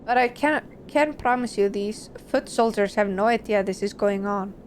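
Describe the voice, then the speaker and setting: A woman's voice: mid-range voice, moderate pace, a little hiss or hum, natural voice. A woman voicing a worried, secretive gang doctor from a video game, read aloud in her plain everyday voice.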